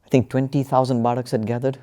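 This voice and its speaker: A man telling a story in a relaxed spiritual panel discussion, with plenty of fillers and restarts. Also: mid-range voice, fast. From United Kingdom. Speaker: panel speaker.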